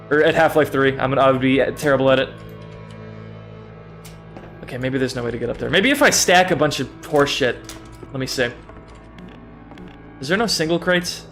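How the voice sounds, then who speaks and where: This young man's voice is medium-pitched and a bit bright as he streams a game live. His commentary is casual and chatty, full of jokes at his own expense, free swearing and frequent laughter.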